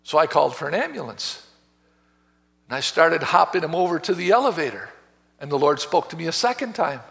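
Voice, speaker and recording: A man preaching a sermon as pastor, telling a story with passion, swinging between hushed and loud. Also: a little high, big pitch swings, brisk, creaky. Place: church sanctuary. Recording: reverberant church hall.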